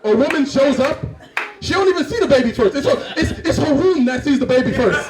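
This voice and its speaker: A male stand-up comedian from Cameroon performs with a high, animated voice that swings widely. He sounds distant from the mic in a roomy club, with an audience laughing loudly. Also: fast, crowd noise. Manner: animated, acts out scenes and voices.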